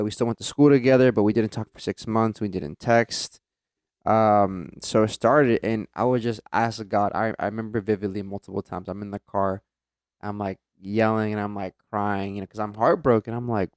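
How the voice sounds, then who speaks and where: Young male podcast co-host, earnest animated storyteller, smooth voice, dry sound. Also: on the low side, no room sound. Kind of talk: casual chat.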